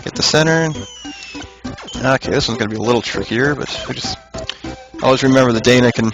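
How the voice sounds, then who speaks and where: A man talks his way through a puzzle game in an easygoing voice of middling pitch, thinking aloud and chuckling now and then. Game music plays clearly behind him. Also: brisk, low-quality recording. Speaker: let's play commentator. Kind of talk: casual gameplay commentary.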